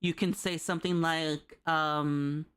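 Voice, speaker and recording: A woman's voice: sits low, steady tone, takes it slowly, smooth. A woman streamer giving a casual livestreamed Japanese lesson, chatty and loose, with lots of fillers and a habitual "right?". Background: soft background music.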